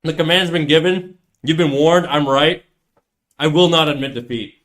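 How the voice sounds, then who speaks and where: A man streams himself drawing and talks casually to his viewers the whole time. His voice is bright and forceful and sits a little high. He jokes around and plays stubborn when his chat argues with him. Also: normal speed. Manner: joking, mock-defiant banter with chat. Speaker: livestreamer drawing while chatting.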